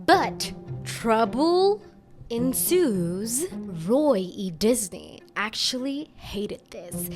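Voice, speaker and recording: A woman giving casual video commentary, chatty and rambling, with self-deprecating asides. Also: a little high. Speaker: YouTube commentator. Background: background music.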